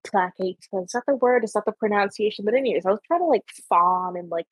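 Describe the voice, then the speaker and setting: A woman's voice: medium pitch, quick pace, slightly rough, dry recording, rough recording. Rambling young Ontario-accented woman host. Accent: Canadian, Ontario. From Canada. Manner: rambling, many "like" fillers. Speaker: podcast host. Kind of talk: casual chat.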